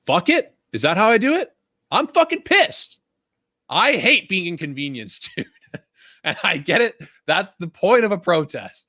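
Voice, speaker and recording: A young man from Vancouver, Canada co-hosts a casual podcast, ranting animatedly with plenty of swearing and laughter. His voice is mid-range, and the studio-quality recording has no echo.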